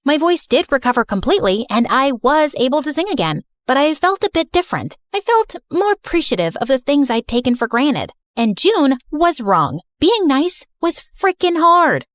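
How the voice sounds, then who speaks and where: A young woman voice actress narrating an animated story in first person, sarcastic and chatty. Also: sits high, normal speed, few pauses, no room sound, clean studio sound.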